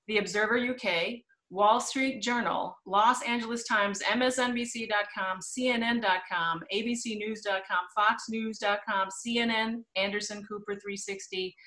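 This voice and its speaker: Woman host, bright clear tone, chatty intro with fillers, video call. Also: mid-range voice. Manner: friendly, with many fillers. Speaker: museum event host. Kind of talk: virtual lecture introduction.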